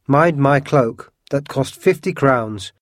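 A man voicing a vain male musketeer who booms and blusters. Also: animated, slow, dry recording, studio quality. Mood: angry. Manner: booming and blustering, drawn out.

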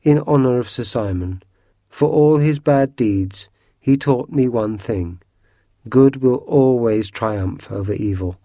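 A man voicing a brave, kind young girl, earnest and gentle in a storybook reading. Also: mid-range voice, slow, no echo, studio quality. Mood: grave.

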